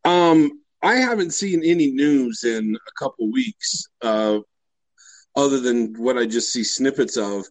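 A man's voice: medium pitch, expressive, measured pace, dry recording, poor audio. A man co-hosting a casual podcast chat, rambling and profane, with a sarcastic edge.

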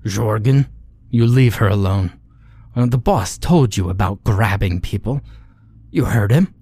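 A man's voice: on the low side, a little slow, darkish tone, husky, dry recording, studio quality. A man voicing a stern little carnival showman scolding a performer.

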